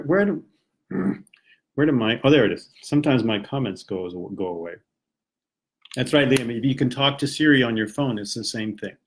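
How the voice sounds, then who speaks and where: A man's voice: mid-range voice, slightly rough. A man from the United States teaching English on a casual live stream, encouraging viewers and reading their comments as he goes. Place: home, Japan.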